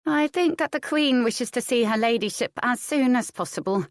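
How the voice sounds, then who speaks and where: A woman's voice: a little high, animated, normal speed, no echo, voice pushed up, close to an everyday voice. A dour serving woman from the royal household, voiced by a woman in a raised register. She is curt and unsmiling, and the sound is dry and close.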